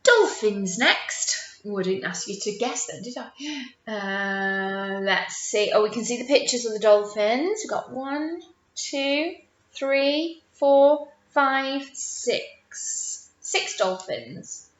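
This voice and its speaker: A woman teacher reads a picture book aloud to young children, her voice high and full of swoops. She talks slowly and encouragingly, adding playful noises for the animals. The recording is roomy and muffled. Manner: animated and encouraging, drawn-out words, playful sound effects. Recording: roomy, dull lo-fi sound.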